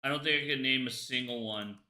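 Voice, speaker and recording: A man chats loosely while he plays a game on a livestream, rambling and cracking jokes to himself. His voice is very bright and sharp, of middling pitch. The sound carries a roomy echo. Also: fairly quick. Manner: rambling, jokey, talks to himself. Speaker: streamer. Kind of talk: casual livestream chat while gaming.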